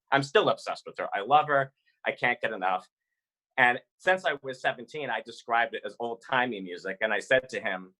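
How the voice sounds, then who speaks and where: Man, storyteller, bright forceful tone, animated, chatty, video call. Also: mid-range voice, rough recording. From Massachusetts. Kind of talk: live personal storytelling.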